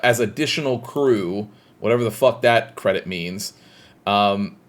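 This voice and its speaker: A man's voice: lowish voice, a little slow. A man in casual podcast chat, retelling a game plot in a rambling way with restarts and fillers. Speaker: podcast co-host.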